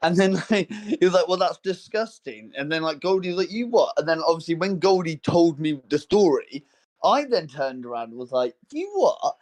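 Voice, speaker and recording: A young man co-hosting a casual podcast, telling a story with many fillers and restarts and acting out quotes in a higher voice. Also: brisk. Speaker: podcast co-host. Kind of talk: casual chat.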